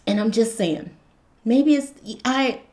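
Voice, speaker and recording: A woman's voice: a little high, lively intonation, slow pace, warm tone. A woman talking casually and earnestly about faith and spirituality, rambling and repeating herself as a channel host. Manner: rambling, repetitive, earnest, laughs often. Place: hot room indoors.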